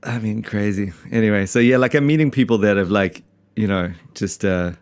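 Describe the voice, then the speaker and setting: A man's voice: on the low side, brisk, clean tone. A man from South Africa hosting a casual podcast, rambling and self-mocking with lots of fillers and restarts. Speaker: podcast host, pastor.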